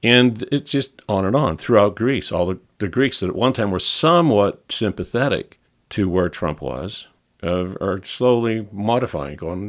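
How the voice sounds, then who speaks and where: A man's voice: lowish voice, lively intonation, a little slow. A man co-hosting a podcast in a studio, telling travel stories in casual chat with many restarts and self-corrections. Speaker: podcast co-host back from travel.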